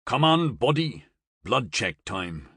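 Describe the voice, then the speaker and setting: A man voicing a tough, gruff smuggler driver who talks blunt, curt and drawling. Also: mid-range voice, big pitch swings, slow, sharp tone, no room sound, studio quality, exaggerated voice. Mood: menacing.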